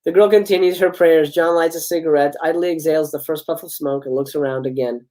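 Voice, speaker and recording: A man's voice: fairly high pitch, fairly even intonation, fast, darkish tone, low-quality recording. A man hosting a live stream, reading screenplay stage directions aloud with chuckling asides and occasional stumbles. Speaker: host reading film scripts. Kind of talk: live script read-aloud.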